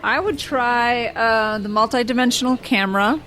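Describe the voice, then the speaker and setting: A woman co-hosting a podcast, chatting in a relaxed, plain-spoken way. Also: fairly high pitch, normal speed, a little hiss or hum. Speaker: podcast co-host. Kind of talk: casual chat.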